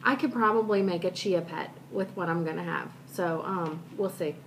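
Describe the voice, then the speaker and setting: A woman's voice: fairly low pitch, moderate pace, a little hiss or hum. A woman vlogger chatting casually and telling a personal story in a rambling, self-deprecating way.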